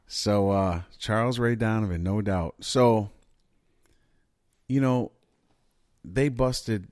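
Low-voiced man in profane casual chat. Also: a little mellow, dry recording, studio quality. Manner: loose, profane, rambling with restarts. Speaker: podcast host.

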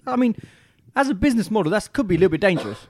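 A man from England co-hosting a casual podcast chat, quick to laugh and often restarting his sentences. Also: high-pitched, expressive. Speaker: podcast co-host.

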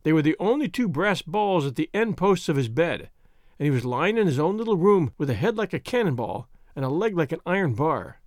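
Expressive male storybook narrator. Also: fairly high pitch, fairly quick, no echo, clean studio sound.

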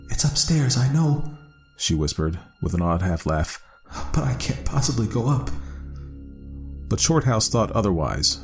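Deep-voiced male storyteller. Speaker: narrator. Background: faint music.

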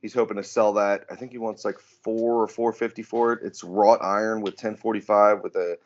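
Low-voiced guy rambling on a podcast, swears a lot, kinda muffled audio. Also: flat delivery, normal speed, a little hiss or hum. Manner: casual, profane, rambling with fillers. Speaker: podcast host. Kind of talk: casual chat. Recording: dull lo-fi sound.

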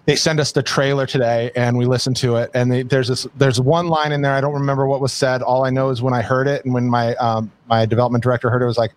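A man's voice: mid-range voice, little pitch movement, fast talker, few pauses. A man co-hosting a podcast in casual chat, rambling with many restarts. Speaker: podcast co-host.

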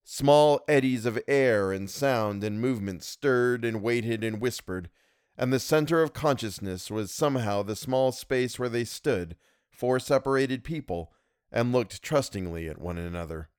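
A man narrating a novel in an expressive, measured way. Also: mid-range voice, smooth, dry recording, studio quality. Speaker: audiobook reader. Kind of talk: scripted narration.

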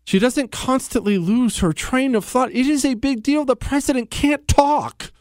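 A man's voice: extremely high pitch, normal speed, darkish tone, no room sound, clean studio sound. A man hosting a talk radio show, ranting sarcastically and slipping into mocking impressions. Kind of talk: opinionated talk radio monologue. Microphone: studio microphone.

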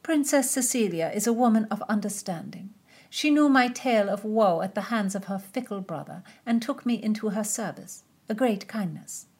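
A woman's voice: medium pitch, animated, moderate pace, darkish tone, slightly rough, voice pushed up. A woman voicing a worldly, teasing lady-in-waiting who speaks boldly. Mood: confiding. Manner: teasing, bold.

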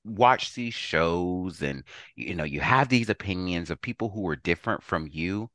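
Deep, emphatic man, dry and crisp. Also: animated, moderate pace, fairly bright tone, no echo. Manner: emphatic, preachy. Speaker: podcast guest. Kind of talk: casual chat.

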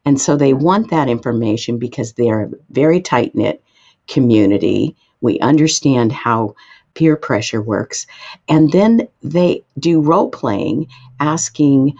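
A woman guest expert answering interview questions, explaining in an emphatic way with sudden lifts in pitch. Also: animated, measured pace, warm tone, dull audio.

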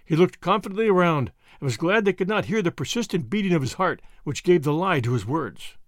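Expressive male storyteller, dry close sound. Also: on the high side, fairly quick, no echo. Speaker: audiobook narrator. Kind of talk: scripted narration.

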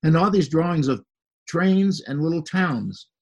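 A man's voice: a little high, expressive, measured pace, highs cut off. An older man, a podcast guest, telling a long story in easy conversation and acting out the people he quotes.

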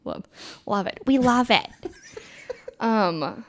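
A woman's voice: a little high, lively intonation, slow pace. A woman chatting casually as a podcast guest, swearing often, laughing and trailing off mid-sentence. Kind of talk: casual chat.

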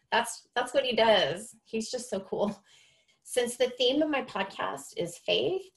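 A woman hosts her own podcast and tells her story of faith. She speaks in an earnest, confessional way, as if opening up to listeners. Her voice sits in a middle pitch. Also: husky. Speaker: podcast host. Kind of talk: personal faith testimony podcast.

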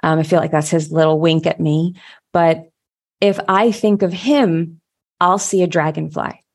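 Heartfelt storytelling woman with lower voice. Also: fairly even intonation, measured pace, darkish tone. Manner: heartfelt, storytelling with frequent restarts. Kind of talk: casual conversation.

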